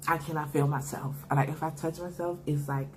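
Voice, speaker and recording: Low-voiced young woman telling a story. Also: brisk, a little hiss or hum. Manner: animated, slangy storytelling with laughs. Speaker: mukbang vlogger. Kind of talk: casual storytime while eating.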